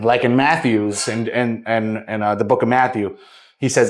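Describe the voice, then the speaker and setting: A man's voice: medium pitch, steady tone, normal speed, reverberant. Rambling young man retelling a Bible story. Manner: rambling, repeats and restarts words. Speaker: vlogger.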